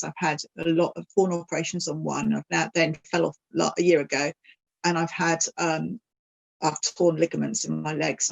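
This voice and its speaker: A woman, a guest on an interview podcast, telling stories in a chatty, digressive, animated way. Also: mid-range voice, vocal fry, poor audio. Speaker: podcast guest, saddle fitter. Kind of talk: casual interview answer.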